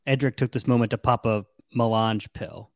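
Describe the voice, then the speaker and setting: A man's voice: mid-range voice, normal speed, no echo. A young man retells a story in casual chat, slipping into voices for the quotes. His voice sits in a middle register. The recording is close and dry, with no room sound. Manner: animated, acts out quotes with shifts in voice. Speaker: podcast co-host recapping a novel.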